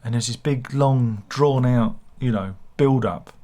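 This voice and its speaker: A man's voice: mid-range voice, measured pace, warm tone. A man, hosting a casual book review channel, rambling with sardonic, self-mocking humor. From England.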